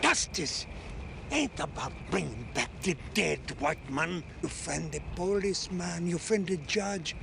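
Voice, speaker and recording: A man's voice: on the high side, expressive, unhurried, vocal fry. An actor playing a stern old male fortune-teller who lays curses, menacing and hissing his threats. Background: film score music.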